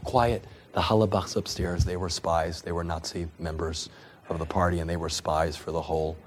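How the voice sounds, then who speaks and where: A man's voice: low voice, darkish tone, a little hiss or hum. A man preaching, telling a family story in an earnest way, often repeating and restarting words. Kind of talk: sermon storytelling.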